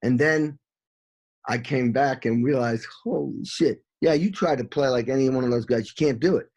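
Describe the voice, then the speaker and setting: In an interview, a middle-aged session drummer with a mid-range voice speaks at normal speed, telling lively stories. He curses freely and breaks into scatted drum beats.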